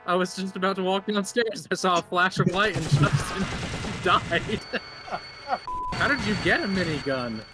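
A man's voice: high voice, moderate pace, music in the background. A young man hosting a gaming video, chatting and joking with friends during a multiplayer match. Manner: animated, joking, bursts of laughter. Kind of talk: casual multiplayer game chat.

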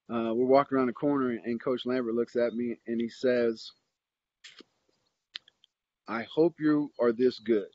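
A man's voice: medium pitch, no room sound. Storytelling man, dry muffled sound. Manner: rambling, animated anecdote with many fillers and restarts. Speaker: interview guest, football coach. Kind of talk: casual storytelling.

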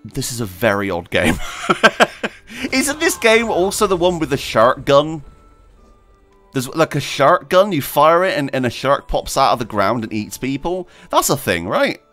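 A man's voice: mid-range voice, very animated, measured pace, a bit bright, soft background music. A man hosting a gaming video, chatting casually and rambling while he plays, laughing often and talking to himself. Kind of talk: casual gameplay commentary.

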